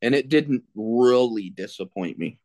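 A man's voice: medium pitch, measured pace, mellow, no echo. A man who is a guest on a podcast, chatting in an easygoing way and hedging his opinions. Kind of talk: casual chat.

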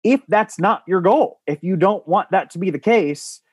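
A man's voice: sits high, lively intonation, moderate pace, husky, dry recording. Guy rambling earnestly about coaching, lots of ums, dry recording. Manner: earnest, rambling with many restarts and fillers. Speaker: guest, former baseball coach. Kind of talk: podcast conversation.

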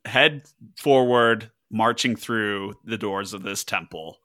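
A man playing a tabletop game with a dry, deadpan delivery. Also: fairly low pitch, slow pace. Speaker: player.

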